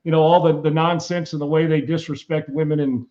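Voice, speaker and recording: A man hosting a sports talk show, telling stories in a lively, laughing way. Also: a little high, brisk, highs cut off. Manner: animated storyteller, laughs a lot. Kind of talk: casual sports talk chat.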